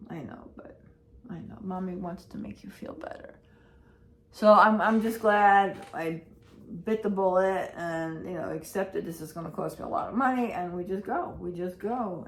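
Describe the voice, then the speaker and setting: A woman's voice: on the low side, normal speed. A woman vlogging casually at home, rambling and repeating herself in an anxious, emotional way. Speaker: vlogger and pet owner. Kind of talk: casual day-in-the-life vlog. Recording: roomy with faint background noise.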